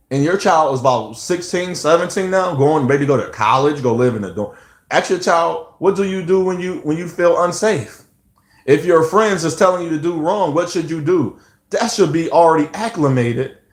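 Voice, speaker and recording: A man's voice: mid-range voice, echoey room. A man talking about parenting in a rambling, preachy monologue full of restarts. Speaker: vlogger. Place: outdoors near lawnmower noise.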